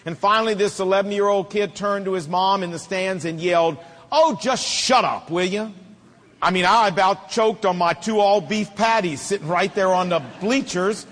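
A man's voice: high voice, steady tone, moderate pace, hardly any pauses, a bit bright, big-room sound. A middle-aged man preaching a sermon, with emphatic, repetitive rhetoric and folksy humor. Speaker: pastor.

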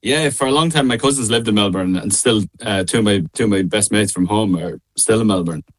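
A man's voice: lowish voice, brisk. A young man with a midlands Irish accent, chatting easily as a radio guest and laughing often. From Ireland. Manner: laid-back, laughs often. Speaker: guest singer. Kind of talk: casual radio interview.

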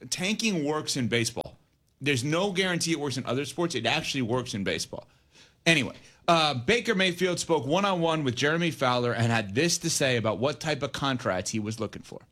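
A man's voice: medium pitch, expressive, brisk, fairly bright tone. A man hosting a sports talk radio show, arguing his points emphatically and weighing both sides.

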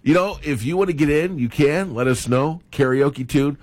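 A man's voice: a little high, dry recording. A man co-hosting a radio show, chatting casually and agreeing often with his co-host. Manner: agreeable, lots of quick affirmations, animated.

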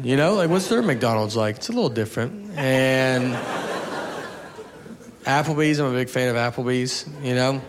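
A man's voice: medium pitch, moderate pace, a crowd in the background. A man doing a rambling, offhand, self-mocking stand-up bit. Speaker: stand-up comedian.

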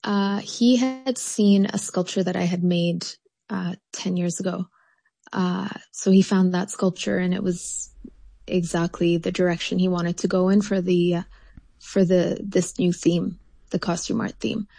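A woman artist answering interview questions in a thoughtful way, pausing often with fillers and restarts. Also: lowish voice, fairly even intonation, vocal fry, dark tone, dry recording.

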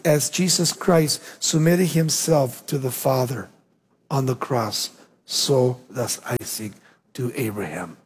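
A man preaching a sermon, swinging between loud emphatic lines and low, hushed endings. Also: husky. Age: young adult. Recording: long hall reverb.

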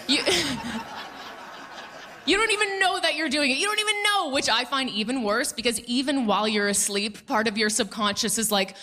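A woman performing a stand-up comedy set before a live audience, quick and playful, mocking the people she quotes. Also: high-pitched, animated, sharp tone.

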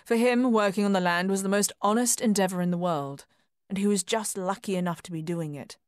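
A woman reading a literary story in a soft, measured, often hushed voice on a close microphone. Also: medium pitch, dry recording. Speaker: narrator. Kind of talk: scripted audiobook narration.

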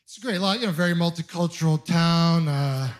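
A young man from Ontario works a stand-up set in a conversational, self-deprecating way. His voice sits high, and he keeps slipping into quick put-on voices for the people in his stories. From Ontario, Canada. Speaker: stand-up comedian. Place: comedy club stage with audience laughing.

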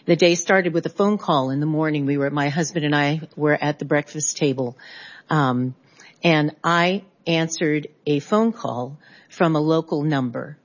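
A middle-aged woman from California speaks as a witness at a hearing, her voice sitting low. She talks haltingly and pauses to restart her sentences. The recording sounds dull and lo-fi. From California, USA. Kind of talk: spoken testimony.

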